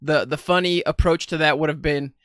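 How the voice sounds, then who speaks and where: A man's voice: on the high side, steady tone, brisk, fairly bright tone, dry recording, clean studio sound. A man co-hosting a podcast, speaking frankly and offering his opinions. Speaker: podcast co-host. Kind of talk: casual chat.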